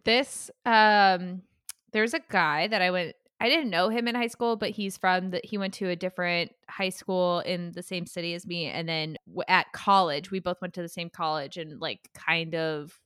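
A woman's voice: fairly low pitch, steady tone, moderate pace, a bit bright, smooth, no echo, studio quality. A young woman co-hosting a podcast, telling stories in a chatty, giggly way with many fillers. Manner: laughs often, chatty storytelling with fillers. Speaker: podcast co-host. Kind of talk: casual chat.

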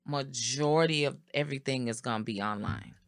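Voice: medium pitch, brisk. A middle-aged co-host in casual chat, talkative and asking questions, laughing while talking. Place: Mall of America area.

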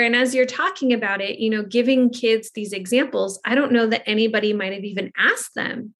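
A woman hosting a podcast, telling a story from her own work in a casual way, often fading softly at the ends of her thoughts. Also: fairly high pitch, fairly quick, few pauses.

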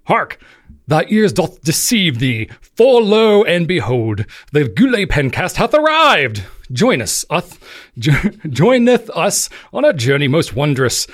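A man voicing a pompous Shakespearean herald in a put-on British accent, grand and archaic, stumbling a little. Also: a little high.

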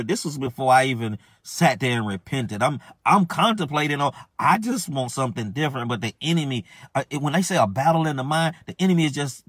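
A man telling his testimony in an emotional, halting way, repeating phrases and stumbling through restarts. His voice is mid-pitched for a man. It is recorded dry and close, with no room echo. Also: animated, fairly bright tone, breathy edge. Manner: halting, repetitive, many restarts and stammers. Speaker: man giving a personal testimony.

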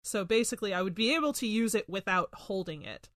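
A woman's voice: medium pitch, fast talker, a bit bright, no room sound. A woman playing a tabletop game who talks in a chatty way, searching for words and using many fillers. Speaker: player. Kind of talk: casual tabletop play.

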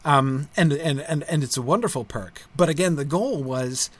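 A middle-aged man talking casually to viewers as a school founder, halting with many fillers and restarts and a frequent tag question at the end of his points. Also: a little high. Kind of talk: casual livestream talk.

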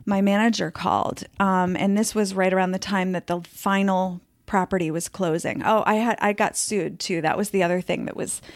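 A woman's voice: medium pitch, fairly even intonation, moderate pace, few pauses, dry recording, clean studio sound. A woman telling her personal story in a casual podcast interview, chatty and full of fillers, sometimes acting out what others said. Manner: chatty, many fillers, acts out quoted voices.

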